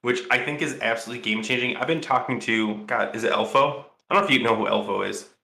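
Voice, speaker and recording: A man's voice: mid-range voice, fast, creaky, bright, forceful tone, roomy sound. A man co-hosting a casual podcast chat, rambling and thinking aloud with lots of fillers and restarts. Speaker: podcast co-host.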